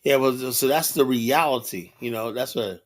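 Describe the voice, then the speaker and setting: A man's voice: medium pitch, normal speed. A man hosting a livestream show, talking bluntly and casually in a rambling monologue, often adding "you know.".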